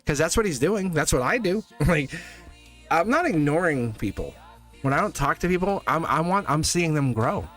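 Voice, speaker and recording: A man's voice: fairly high pitch, very animated, moderate pace, a bit bright, soft background music. A man giving a casual live tarot reading, rambling and chatty, laughing often. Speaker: tarot reader.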